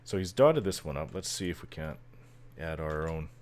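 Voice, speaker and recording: Very deep-voiced man rambling. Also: expressive, moderate pace, a little mellow. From Canada. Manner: rambling, chuckles often, many fillers. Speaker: gameplay commentator. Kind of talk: casual let's-play chatter.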